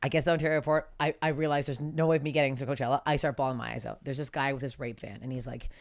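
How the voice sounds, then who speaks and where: A woman in her thirties from Canada, telling a wild story on a podcast in an animated, profane way with many restarts. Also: a bass voice, very fast, dry recording. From Toronto, Canada. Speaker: podcast guest comedian. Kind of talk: casual storytelling.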